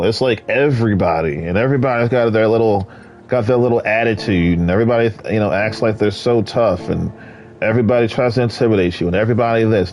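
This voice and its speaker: A man's voice: fairly low pitch, darkish tone. A man ranting in an exasperated, rambling way, full of fillers, while commenting on his gameplay. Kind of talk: casual rant over gameplay.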